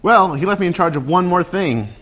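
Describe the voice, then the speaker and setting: Earnest cemetery keeper, slightly high voice, played by a man. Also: a little fast, a bit bright. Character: earnest male cemetery caretaker.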